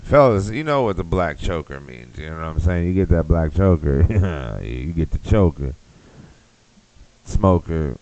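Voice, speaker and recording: A man with a very low voice rambles through a crude comedic rant as a podcast host. His loose, swearing delivery sounds close and dry. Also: animated, unhurried, a little mellow, no room sound, highs cut off.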